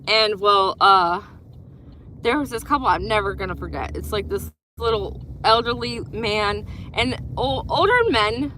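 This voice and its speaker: A woman's voice: mid-range voice, expressive, a little slow, pushed and bright. A woman who used to be an EMT, telling stories in a rambling casual way with many fillers while in a car on the road. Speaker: former EMT vlogger. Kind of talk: casual storytelling. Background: car road noise.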